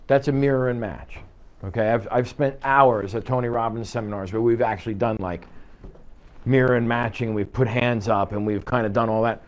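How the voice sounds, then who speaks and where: A man leading a live sales training session in an office, coaching with energy and acting out quick client exchanges. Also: mid-range voice, steady tone. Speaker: real estate sales trainer. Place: office meeting room.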